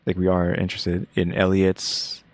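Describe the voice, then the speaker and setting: A young man hosting his own channel, giving laid-back, monotone reaction commentary. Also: low-pitched, normal speed, no room sound. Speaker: channel host reacting to a game showcase.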